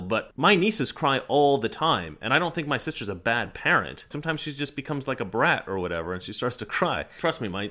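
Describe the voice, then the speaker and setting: Emphatic man with a lively pitch. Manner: argumentative and emphatic. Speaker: political commentator. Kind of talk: opinionated monologue.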